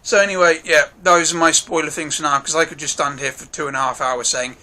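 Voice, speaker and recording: Man, film reviewer, casual, excitable, sweary, high voice. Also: fairly quick, hardly any pauses. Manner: excitable, gushing, swears a lot.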